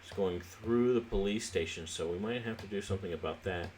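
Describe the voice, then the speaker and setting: A man's voice: low-pitched, fairly quick, darkish tone, a little hiss or hum. A man hosting a city-building let's play, talking casually and thinking aloud with frequent restarts, a little sleepy. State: sleepy, yawning. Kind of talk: casual gameplay commentary.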